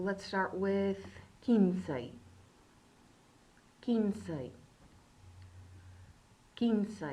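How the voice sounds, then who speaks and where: A woman teaching beginner Spanish in a recorded lesson. She repeats words slowly and keeps checking in with "okay". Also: lowish voice, darkish tone, low-quality recording.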